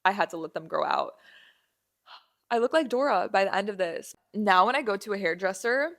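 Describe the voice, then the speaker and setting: A woman's voice: medium pitch, a little fast. A young woman hosting a podcast, telling a casual story with lots of fillers and restarts, acting out the people in it. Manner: animated, acts out dialogue, many fillers and restarts. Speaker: podcast host.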